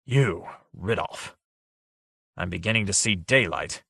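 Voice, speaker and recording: A man's voice: mid-range voice, moderate pace, bright, forceful tone, no room sound, clean studio sound, voice pushed up, lightly acted. A man reading an audiobook, voicing a hot-tempered, threatening inn owner who talks brusquely and aggressively. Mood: menacing.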